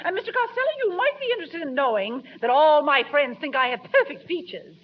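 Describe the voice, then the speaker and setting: A woman's voice: high-pitched, big pitch swings, fast. A woman playing a prim, haughty wife in a 1940s radio comedy sketch, trading banter with the comics. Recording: dull lo-fi 1940s radio broadcast, faint audience.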